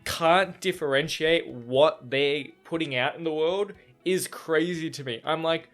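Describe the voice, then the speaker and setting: A man's voice: a little high, a little slow, few pauses, fairly bright tone, soft background music. A young man reacting to a novel in a casual reading vlog, swearing freely and rambling in exasperation. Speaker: book reaction vlogger.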